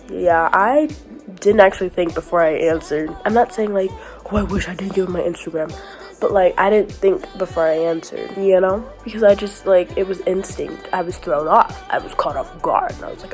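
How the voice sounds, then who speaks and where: A woman's voice: mid-range voice, brisk, darkish tone. A young woman vlogging casually about her week, filling her talk with "like", with a scratchy sore throat and a cough, over faint music. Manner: chatty, fills speech with "like", laughs often. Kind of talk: casual storytelling vlog.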